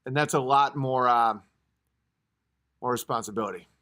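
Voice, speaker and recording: A man in his thirties hosts a laid-back livestream in a mid-range voice at normal speed. He answers chat comments with rambling humor, sometimes erupting into loud, acted bursts.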